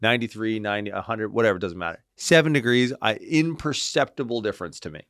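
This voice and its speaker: A man with a very deep voice talks as a podcast guest and clinician. His delivery is animated and casual, full of "like" and "right?", with the odd casual swear. The sound is dry, with no room in it. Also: fast, dry recording. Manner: animated, tags lines with "right?" and "like". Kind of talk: casual interview storytelling.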